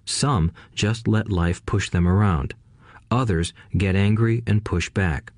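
A man voicing a calm, quiet older businessman who lectures a boy in an unhurried way, in an audiobook reading. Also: lowish voice, dry recording, studio quality. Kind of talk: audiobook character voice.

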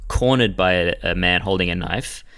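A man co-hosting a podcast, telling a story in a relaxed, chatty way. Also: sits low, moderate pace, clear, resonant tone, no room sound. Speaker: podcast co-host. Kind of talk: casual chat.

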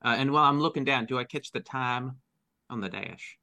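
A man's voice: mid-range voice, a little fast, vocal fry, pushed and bright, no room sound. A man playing a tabletop game, asking hesitant questions about his scene. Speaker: player.

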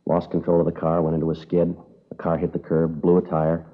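No-nonsense cop, low husky voice, fast, tinny old radio sound. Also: male voice, completely flat delivery. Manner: clipped, matter-of-fact. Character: stern, steady male police detective. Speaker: police officer. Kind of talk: 1950s radio drama acting.

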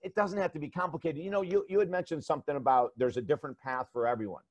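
A man's voice: on the high side, fast talker, no room sound. A man working as a life coach, telling stories in an interview with energy and emphasis and repeating words as he starts sentences. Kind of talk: interview storytelling.

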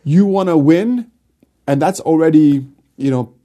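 A man with a mellow, warm tone and a voice pitched a little higher than most men's, telling a story from his past in a loose, chatty way. He is animated, laughs as he goes, and acts out his coach's orders and his own inner voice. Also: measured pace. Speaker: guest. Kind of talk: casual storytelling in a conversation.

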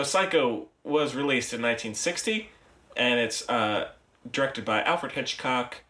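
A man's voice: medium pitch, a bit bright. A man co-hosting a film podcast in casual chat, rambling, correcting himself and laughing often. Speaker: podcast host. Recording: roomy, distant mic.

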